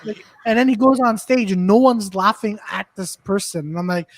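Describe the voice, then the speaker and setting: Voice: mid-range voice, normal speed, dry recording. A podcast co-host telling a rambling story, full of hesitant ums and uhs. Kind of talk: casual storytelling.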